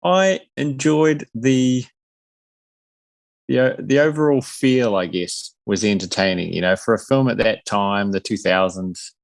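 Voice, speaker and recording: A man's voice: lowish voice, measured pace, creaky, dry recording. A man in his forties co-hosting a casual film review podcast, with dry, sarcastic, self-mocking humor. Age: 40s. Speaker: podcast co-host.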